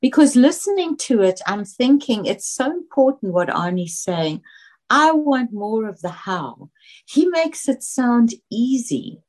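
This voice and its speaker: A woman's voice: fairly high pitch, big pitch swings, measured pace, a little mellow. A woman hosting an interview, asking thoughtful, probing questions in a tentative, self-aware way. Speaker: interview host. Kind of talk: conversational interview.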